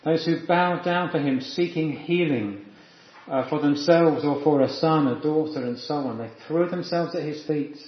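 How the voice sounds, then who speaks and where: Male preacher, sermon, fairly high voice, echoey, muffled lo-fi sound. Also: normal speed. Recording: echoey, dull lo-fi room sound.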